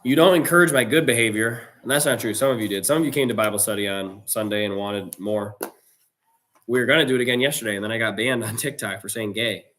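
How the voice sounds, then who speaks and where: Low-voiced man chatting on a trading stream. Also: fast talker, a bit bright. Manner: loose, slangy, chatty, reacting to chat. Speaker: livestream trading host. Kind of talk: casual livestream chat to viewers.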